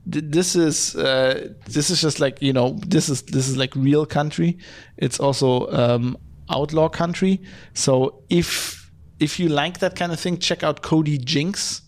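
Hoarse, gravelly male podcast host rambling. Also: on the high side. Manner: rambling, profane, many fillers and restarts. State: hoarse from hay fever. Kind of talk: casual solo podcast, reading listener mail. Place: at home, lives in Germany.

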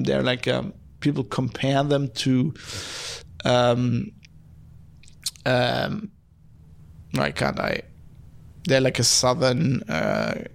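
Hoarse, gravelly male podcast host rambling. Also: medium pitch. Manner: rambling, profane, many fillers and restarts. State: hoarse from hay fever. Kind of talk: casual solo podcast, reading listener mail. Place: at home, lives in Germany.

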